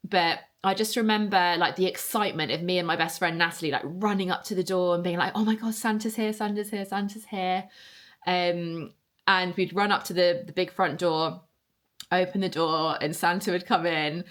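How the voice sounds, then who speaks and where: A woman's voice: on the low side, fairly bright tone. A young woman hosting her own podcast, telling a childhood story in a chatty, nostalgic way with many fillers and repeated words. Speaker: podcast host. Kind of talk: casual solo podcast storytelling.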